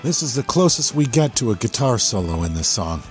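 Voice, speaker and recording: A man's voice: medium pitch, very animated, brisk, loud music behind the voice. A man hosting a podcast, enthusiastically explaining a song section by section. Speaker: podcast host. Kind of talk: song breakdown commentary. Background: the song playing underneath.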